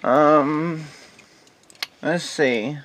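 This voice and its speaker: A woman performing an amateur comedy skit, stammering and mumbling, with bursts of shouting. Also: low-pitched, very slow, slight background noise, rough recording. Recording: music in the background.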